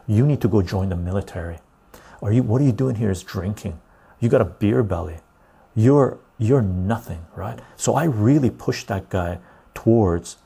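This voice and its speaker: Gravelly low-voiced man ranting. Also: warm tone. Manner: blunt, ranting, loose storytelling with frequent "right?". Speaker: podcast host. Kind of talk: casual political talk.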